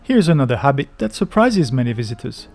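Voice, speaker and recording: A man hosting a travel video, giving scripted narration in a lively, explanatory way with faint music behind. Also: mid-range voice, quick pace, vocal fry.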